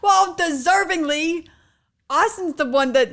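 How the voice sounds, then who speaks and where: A woman with a high, lively voice that swoops a lot breaks in with teasing remarks. She laughs often in a casual chat. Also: normal speed.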